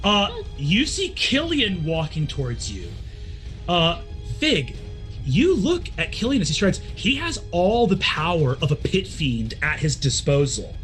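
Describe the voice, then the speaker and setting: A man narrating a tabletop game as game master, excitable and cheering his players on. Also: on the high side, measured pace, soft background music.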